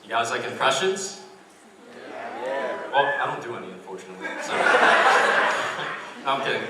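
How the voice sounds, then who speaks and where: A young man doing a stand-up comedy set, deadpan and self-deprecating, with lots of "like" fillers. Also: mid-range voice, unhurried, heavy background noise. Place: university comedy club stage. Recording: echoey room, mic far off.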